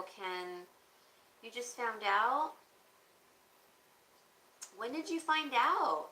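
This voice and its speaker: A woman's voice: a little high, expressive, very slow, long pauses, sharp tone. A woman hosting a livestream auction, chatting casually and rambling while she answers viewer comments. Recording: echoey room with faint background noise.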